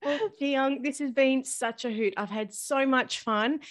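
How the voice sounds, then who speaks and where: An Australian woman runs a podcast interview with plenty of enthusiasm. Her voice sits a touch high and stays upbeat and chatty. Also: unhurried. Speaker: podcast host. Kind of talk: casual interview chat.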